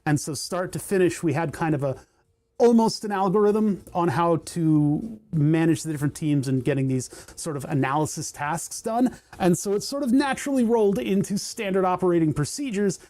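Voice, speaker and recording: A man's voice: high voice, moderate pace, a little mellow. A middle-aged man hosting a casual livestream while soldering, rambling with lots of fillers and restarts and laughing at himself, from a home workshop. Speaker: livestream host.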